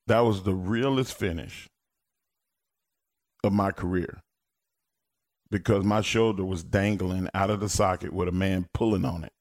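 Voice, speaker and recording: A man, a former pro wrestler, telling stories in casual talk, animated, laughing and swearing, loud when he quotes people. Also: lowish voice, moderate pace, long pauses. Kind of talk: casual storytelling on a podcast.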